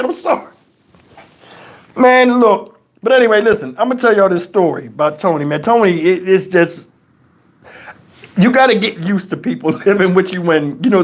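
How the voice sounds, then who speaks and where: A man with a notably high speaking voice hosts a live stream and spins stories in a loose, rambling way. His delivery is animated and full of profanity, with a casual, unscripted feel.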